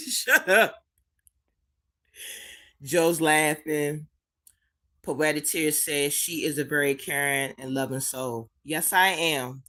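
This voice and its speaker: A woman hosts a live chat from home, talking very slowly with her voice on the edge of tears. She repeats her words of encouragement and calls her viewers sweetie and baby. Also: low voice, steady tone, fairly bright tone. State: holding back tears. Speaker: livestream host reading chat.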